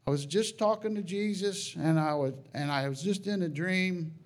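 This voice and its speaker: Earnest man telling a dream testimony. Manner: earnest, halting storytelling with many restarts; rises high and loud at emotional peaks. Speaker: Christian sharing a testimony. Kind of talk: personal testimony.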